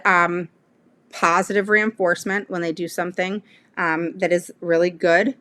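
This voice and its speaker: Bright-voiced middle-aged woman giving parents advice. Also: on the low side. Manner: conversational, often checks in with "all right?". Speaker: parent advocate. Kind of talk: casual advice talk to parents.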